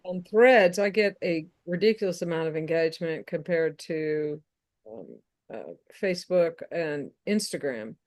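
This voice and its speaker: A woman's voice: deep voice, a little slow, darkish tone. A woman co-hosting a casual political podcast, talking frankly and bluntly, often restarting her sentences. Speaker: podcast co-host.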